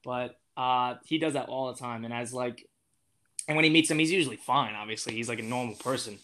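A man's voice: medium pitch, fairly quick, bright, forceful tone. A young man as an interview guest, talking in a casual, rambling way with lots of fillers and restarts. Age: young adult.

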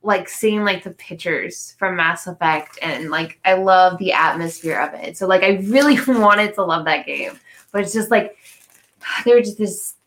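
Bright-voiced woman with some vocal fry. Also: fairly low pitch, measured pace. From northern United States. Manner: chatty, lots of "like" fillers. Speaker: guest cosplayer. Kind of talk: casual chat.

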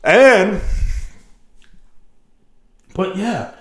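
Profane, riled-up man with a high voice. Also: lively intonation, drawn-out words, a bit bright, echoey room. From Texas, USA. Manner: riled-up, swears constantly, rambling. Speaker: podcast host. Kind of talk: profane solo rant.

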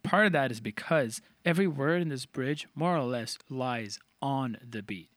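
Analyzing song lyrics as a co-host, a man speaks at a moderate pace in a mid-range, slightly bright voice with no room sound. The talk is casual yet analytical, and he lays out rhythm methodically by counting beats.

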